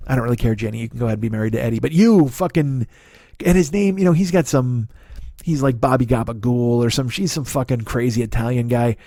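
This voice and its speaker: A man's voice: medium pitch, fast talker, dark tone, no room sound, studio quality. A man in his forties doing a profane, ranting comedy podcast monologue, full of laughs and restarts. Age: 40s. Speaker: podcast host.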